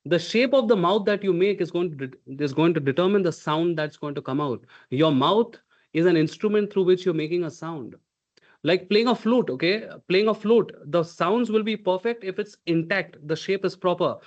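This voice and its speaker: High-voiced coach who says "okay?" a lot. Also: male voice, expressive, moderate pace, lo-fi sound. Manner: emphatic, drills sounds aloud, checks in with "okay?". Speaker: communication coach. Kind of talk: live online workshop coaching.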